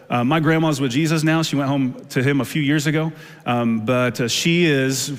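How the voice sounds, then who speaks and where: A middle-aged male pastor preaching a sermon in a conversational, storytelling way with many fillers. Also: mid-range voice. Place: church sanctuary. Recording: long church hall reverb.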